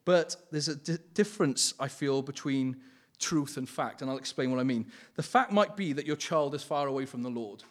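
A man's voice: medium pitch, moderate pace. A man giving an informal sermon with personal testimony, earnest and pleading, often laughing and correcting himself mid-sentence. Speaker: lay preacher.

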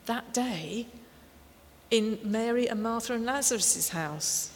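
A woman preaching a sermon, slow and emphatic, with warm storytelling asides. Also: a little high. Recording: long hall reverb, faint noise.

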